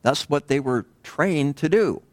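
A male pastor preaches in a relaxed, conversational way, often stopping to put rhetorical questions to his listeners. His pitch rises and falls a lot, so the delivery sounds animated. The sound is dry and close, with almost no room echo. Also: a little slow. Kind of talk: sermon.

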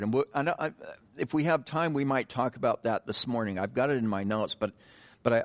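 Man, middle-aged, pastor, low voice, chatty sermon, restarts and asides. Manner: conversational, self-correcting, joking asides. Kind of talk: sermon with reading and prayer.

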